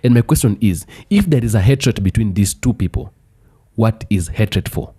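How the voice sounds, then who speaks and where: A man delivering a commentary monologue, building slowly through repeated rhetorical questions. His voice sits low and sounds dark and mellow, with a husky edge. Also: animated. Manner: deliberate, repetitive rhetorical questions.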